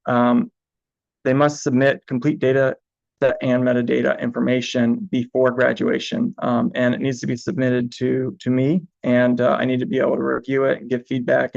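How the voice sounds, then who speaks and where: A man presenting a lesson in a steady, flat voice with a gravelly edge, pausing often on ums and uhs. The sound is dry and dull, like a lo-fi recording. He walks his listeners through best practices step by step. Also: mid-range voice, no echo. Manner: hesitant, many ums and uhs. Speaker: information manager.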